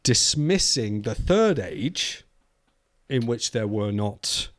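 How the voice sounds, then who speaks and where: A British podcast co-host talks through ideas in casual, thoughtful discussion, reading quotes aloud and often restarting his sentences. His mid-range voice is very animated but slow. The recording is clean studio sound with no echo.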